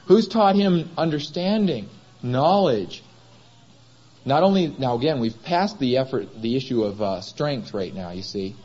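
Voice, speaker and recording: A man's voice: mid-range voice, warm tone, slightly rough, lo-fi sound. A man preaching a sermon in a chapel, questioning the congregation and answering himself. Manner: asks the congregation rhetorical questions.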